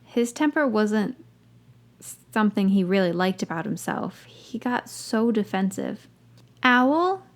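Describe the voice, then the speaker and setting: A woman's voice: medium pitch, unhurried, a little mellow. A woman hosting a podcast, reading a story aloud and breaking off for wry, dry asides. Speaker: podcast host reading fan fiction.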